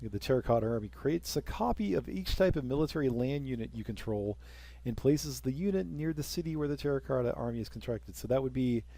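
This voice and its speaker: A young man talks through a strategy game in a casual let's-play style, his voice gravelly with fry. He drifts between dry, sarcastic quips and low muttered asides to himself. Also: lively intonation, brisk, mellow. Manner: sarcastic, mutters asides, breaks into snippets of song. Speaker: gameplay commentator.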